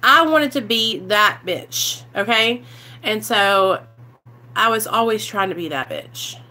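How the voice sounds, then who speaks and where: A woman, candidly telling her life story to the camera, animated and swearing freely, acting out what people said. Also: mid-range voice, slow. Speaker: vlogger sharing recovery story.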